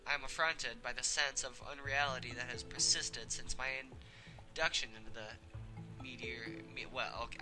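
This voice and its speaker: A young man hosting a let's play, reading a visual novel aloud with casual, halting asides. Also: a little high, poor audio.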